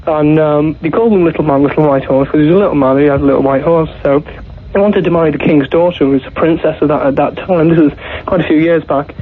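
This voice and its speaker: Quick, rambling caller from Merseyside. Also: male voice, a little high. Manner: rambling, repetitive storyteller. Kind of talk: telling a joke on the phone. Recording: tinny phone line with faint hiss.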